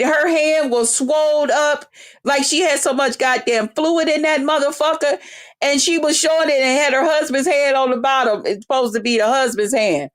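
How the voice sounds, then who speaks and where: A woman, ranting to her viewers. She swears constantly and keeps the story loud and brash. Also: high voice. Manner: loud, brash, heavy swearing, animated retelling. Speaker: vlogger. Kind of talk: profane storytelling rant.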